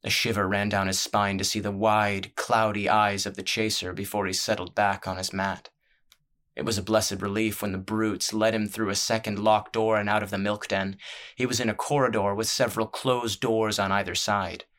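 A male narrator reading a fantasy serial with a low voice. His delivery is measured and steady, with very little rise and fall, keeping an even storytelling tone throughout.

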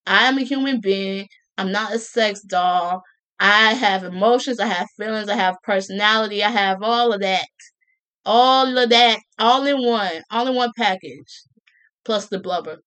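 A woman's voice: mid-range voice, normal speed, a bit bright. A young adult woman talking casually to camera, joking, laughing often and repeating her phrases. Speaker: vlogger.

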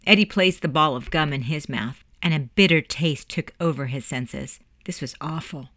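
An audiobook narrator reading scripted narration in a measured storytelling manner. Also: medium pitch, fairly bright tone, dry recording, clean studio sound.

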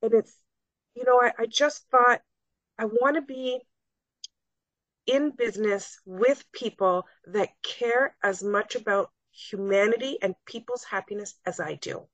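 A woman's voice: a little high, measured pace, no room sound. Earnest woman telling a personal story. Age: middle-aged. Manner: earnest, re-enacts conversations in her own voice. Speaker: guest, salon owner. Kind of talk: personal storytelling in a podcast interview. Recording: dull, dry lo-fi recording.

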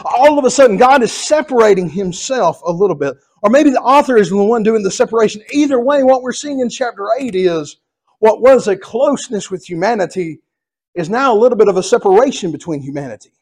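High-voiced Southern preacher man. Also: darkish tone. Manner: earnest, repetitive preaching cadence. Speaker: pastor. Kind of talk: expository sermon.

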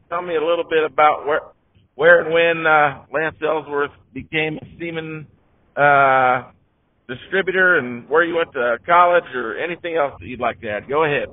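A man's voice: fairly high pitch, dry recording. Chatty man hosting over a tinny phone line. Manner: chatty, many fillers, upbeat. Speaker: host. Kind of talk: casual live call-in show hosting.

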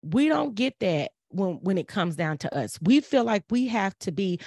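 A middle-aged woman gives a casual motivational talk. She speaks in an earnest, preachy way, stacking repeated phrases for emphasis. Her mid-pitched voice is recorded close and dry. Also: sing-song, moderate pace, hardly any pauses, darkish tone, dry recording.

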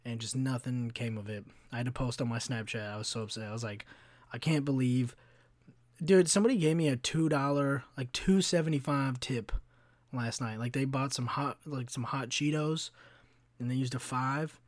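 A man's voice: mid-range voice, normal speed, no room sound. Young male podcaster, mid-range voice, chatty and profane, rambles through stories with lots of "like", recorded dry and close. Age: 20s. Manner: profane, rambling, animated storytelling with frequent fillers. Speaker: podcast host. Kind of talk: casual solo storytelling.

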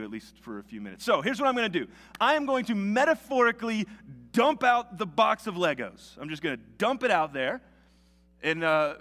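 A male pastor with a Southern American accent preaching a sermon in a conversational way, with quick asides to the congregation. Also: on the high side, bright, forceful tone. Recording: long hall reverb.

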